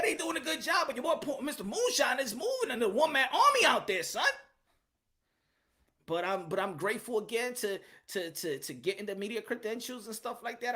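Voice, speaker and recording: A man hosts his own boxing channel live, talking loosely and animatedly. His tone is bright and forward. He loops back over phrases and calls out names from the chat. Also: very high voice. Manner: animated, repetitive, slangy, reads chat aloud. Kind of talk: casual livestream chat.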